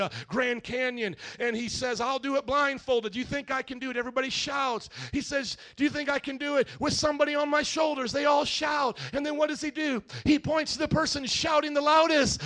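A middle-aged male pastor preaching a sermon, calling out to the congregation and rising to shouts. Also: very high voice. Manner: call-and-response, rising to shouts.

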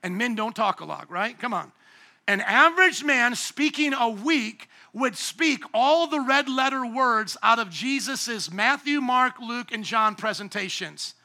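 Hoarse, high-voiced, bright-toned male pastor. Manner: asks the congregation fill-in questions. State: going hoarse. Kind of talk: sermon. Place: church. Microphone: handheld microphone.

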